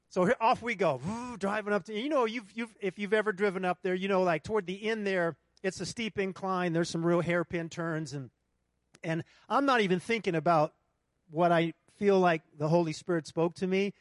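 A man preaching a sermon to a congregation, telling a lively personal story and asking the room for responses. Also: high-pitched, moderate pace, no room sound, studio quality. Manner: animated storytelling, talks to the congregation. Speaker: pastor. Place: church hall with congregation.

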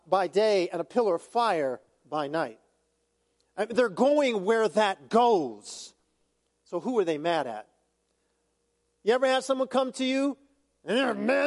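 Pastor, male, very high voice, loose conversational sermon with jokes; big echoing church hall. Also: lively intonation, a little slow. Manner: conversational preaching with asides and humor. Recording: long hall reverb.

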